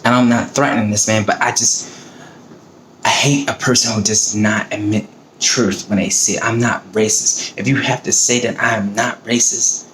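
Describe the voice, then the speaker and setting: A man's voice: fairly low pitch, little pitch movement, normal speed, a bit bright, slight background noise. A man on his own video giving a heated, profane, emotional rant about politics. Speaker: vlogger. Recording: roomy echo, faint ambience.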